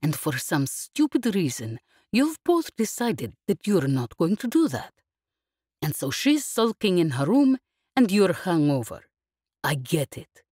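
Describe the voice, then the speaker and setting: A woman voicing a blunt, flat-spoken woman crewmate who leans hard on her words in an audiobook. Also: on the low side, unhurried, slightly rough, no room sound, studio quality, heavily acted. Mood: stern. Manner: flat, forbidding, emphatic.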